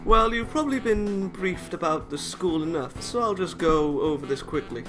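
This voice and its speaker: A man's voice: sits high, animated, normal speed, music in the background, voice pushed up. A man voicing a friendly, cheerful young male school nurse in a read-aloud visual novel, with an upbeat, slightly sly delivery.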